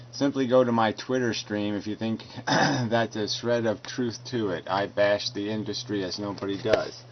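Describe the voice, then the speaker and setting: Combative low-voiced man ranting. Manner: combative, profane, stammering restarts. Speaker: video blogger answering comments. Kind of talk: angry rant reading and rebutting comments. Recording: dull lo-fi recording with faint noise.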